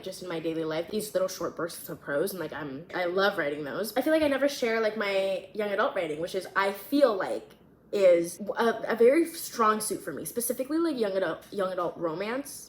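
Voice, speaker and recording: In a brisk, expressive mid-range voice, this woman vlogger chats and rambles about her YA novel, sprinkling "like" throughout and reading her own fiction. Echo from the room and faint ambience surround her.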